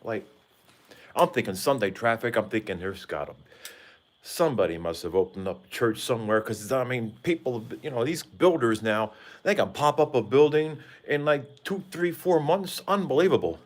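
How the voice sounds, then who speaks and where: A man vlogs live from a side porch outdoors, holding his phone in his hand as he rambles and jokes with viewers. His medium-pitched voice is expressive and moves at normal speed.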